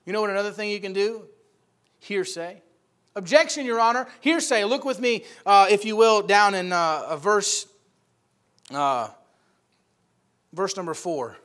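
A man's voice: high voice, a little slow, pauses often, a bit bright. A man preaching a sermon, emphatic and rising in volume on key points.

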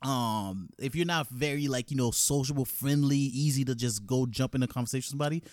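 A man in casual chat as a co-host, animated and often acting out gym banter. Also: medium pitch, fast talker, dry recording, clean studio sound. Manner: animated, acts out gym banter in quoted lines.

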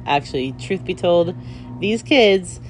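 A woman's voice: lowish voice, expressive, takes it slowly, soft background music. A woman hosting a casual podcast as a mother, laughing often and poking fun at herself. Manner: laughs often, playful and self-mocking. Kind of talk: casual chat.

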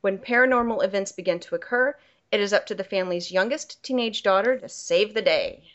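A woman's voice: mid-range voice, fairly quick, a bit bright. A woman hosting a casual quiz game on a podcast, reading clues aloud and laughing often. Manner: upbeat, laughs often, reads log lines aloud. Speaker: quiz host. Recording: dull lo-fi audio.

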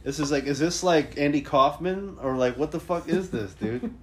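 A man's voice: on the high side, moderate pace. A man co-hosting a podcast, reacting to videos in casual, profane, wry chat. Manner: wry, swearing, lively reactions. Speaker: podcast co-host. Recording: faint background noise.

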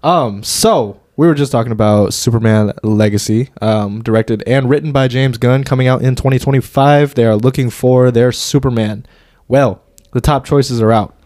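A man's voice: medium pitch, moderate pace, few pauses, a little mellow, no echo, clean studio sound. A man co-hosting a casual movie review podcast, loose and jokey, swearing and stumbling over names. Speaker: podcast co-host.

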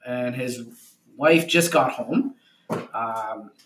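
A man's voice: mid-range voice, extremely slow. A man co-hosting a casual podcast chat, telling stories loosely with lots of fillers. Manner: relaxed storytelling, many fillers. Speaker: podcast co-host. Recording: roomy echo.

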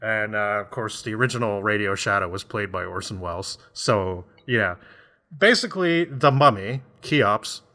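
Bright-voiced man rambling about a book. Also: lowish voice, expressive, normal speed. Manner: rambling, laughs often, acts out voices. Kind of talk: casual chat.

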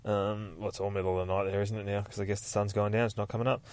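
A man hosting a podcast, casually recapping a comic book in a rambling, sweary, excitable way. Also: lowish voice, rapid-fire, dry recording. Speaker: podcast host.

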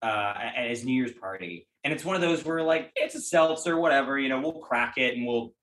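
A man co-hosting a casual podcast, his voice bright and forward. He rambles through stories with lots of fillers and laughs. The sound carries a roomy echo. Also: medium pitch, brisk. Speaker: podcast co-host. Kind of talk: casual chat about movies.

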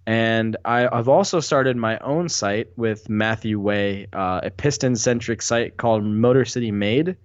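A man's voice: fairly low pitch, a little slow, hardly any pauses, no echo. A man guesting on a podcast, talking in a rambling, hesitant way with many ums. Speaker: podcast guest, basketball writer. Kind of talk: casual chat. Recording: dull dry lo-fi sound.

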